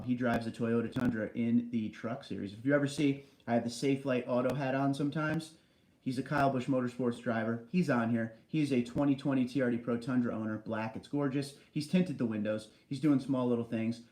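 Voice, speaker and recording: A man hosts a relaxed livestream, reading out viewer comments and chatting back at them. His voice sits at an ordinary middle pitch. It rings with the echo of a big basement room. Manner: chatty, reads comments aloud and answers them. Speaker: livestream host. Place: large basement room indoors.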